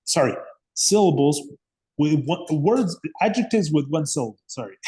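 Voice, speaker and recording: A man's voice: fairly high pitch, animated, moderate pace, mellow, husky. A man teaching an English grammar lesson, patiently repeating words and checking understanding with frequent "okay?" and "yes?".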